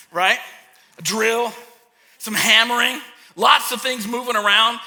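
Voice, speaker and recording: A man who is a pastor and a parent, preaching a sermon and acting out a childhood story with lively energy. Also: very high voice, slow pace. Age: young adult to middle-aged, a parent. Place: church hall. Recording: long hall reverb.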